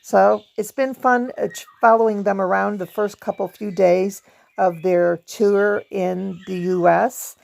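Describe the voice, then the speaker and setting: A woman talks through a casual review, conversational and loose. Her voice carries a gravelly fry. She chats along with small laughs between thoughts. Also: mid-range voice, fairly even intonation, a little slow, a little mellow. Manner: chatty, laughs often, hums song snippets. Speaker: video host; performer. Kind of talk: casual book review vlog.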